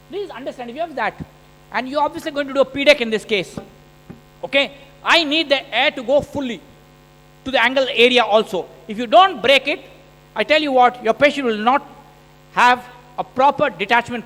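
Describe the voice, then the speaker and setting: Speaking at a normal speed from a conference stage, an Indian man with an unusually high, bright voice narrates surgical video in the first person. He's animated and joking, and the stage mic picks up a long hall reverb.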